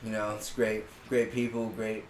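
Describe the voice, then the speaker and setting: A man's voice: fairly low pitch, moderate pace. A man co-hosting a casual podcast, telling stories animatedly and swearing constantly. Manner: animated storytelling, swears constantly, gets loud retelling a rant. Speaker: podcast co-host. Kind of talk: casual profane chat. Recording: roomy room with faint background noise.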